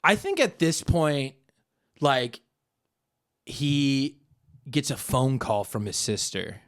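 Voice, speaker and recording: A man co-hosting a podcast, pitching a movie in casual comedic chat and slipping into goofy put-on voices. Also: sing-song, slow. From born in Japan. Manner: playful, slips into goofy put-on voices and shouts.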